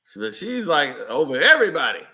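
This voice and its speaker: A man's voice: on the high side, big pitch swings, a little fast, bright, forceful tone. A man giving casual, chatty commentary over old photos, laughing often and telling stories in loose slang. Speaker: vlogger.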